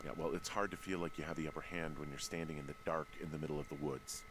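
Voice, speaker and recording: An actor playing a weary middle-aged male fire lookout with dry, deadpan humor, in video game voice acting over game music. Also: very deep voice, fast, a little hiss or hum, low-quality recording. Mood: uneasy.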